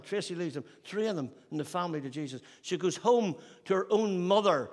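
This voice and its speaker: Fervent preacher in a reverberant hall. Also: male voice, expressive, a little fast, hardly any pauses. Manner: rising to fervent peaks, then dropping to soft, low altar-call pleading. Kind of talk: sermon. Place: church hall with long reverb. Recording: reverberant church hall sound.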